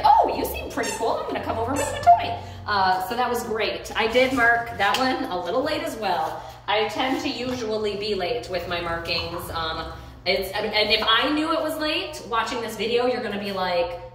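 A woman's voice: mid-range voice, a bit bright, a little hiss or hum. Chatty woman dog trainer in a roomy space. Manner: chatty, upbeat, loose with fillers and restarts. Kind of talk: casual instructional narration. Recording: roomy, distant phone or camera mic.

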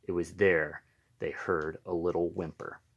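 Man, storyteller, picture-book read-aloud, deep low voice, gentle, unhurried. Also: flat delivery, husky, highs cut off.

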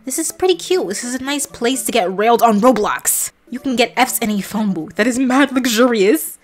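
Laughing and shrieking, a young woman who vlogs games reacts with excited, scandalized commentary as she plays. She speaks at a moderate pace in a fairly high voice, with soft music underneath.

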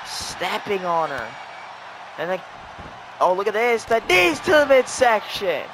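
A man calling a wrestling video game match play by play, excitable and breaking into shouts at the near-falls. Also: high voice, a little slow, noisy background. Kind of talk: play-by-play commentary.

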